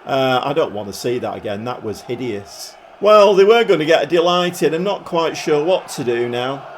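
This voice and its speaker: Guy calling his football manager match, slightly high voice, grumbles then cheers, dry jokes. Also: moderate pace, a little hiss or hum. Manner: chatty, dry humour, swings between glum grumbling and excited cheering. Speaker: gaming YouTuber. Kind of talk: casual play-by-play commentary on a football management game.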